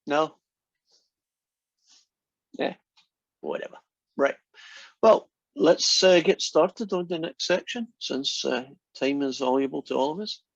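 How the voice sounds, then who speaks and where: A man teaching an online math lecture, telling corny jokes to his students in a relaxed, playful manner. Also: fairly high pitch, unhurried, gravelly, dry recording, dull audio.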